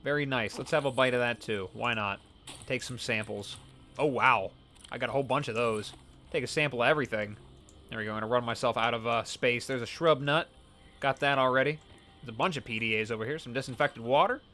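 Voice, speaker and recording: A man's voice: medium pitch, fairly quick, sharp tone. A man playing a survival video game and commenting casually, reading on-screen scan texts aloud. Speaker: let's play host. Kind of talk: gameplay commentary.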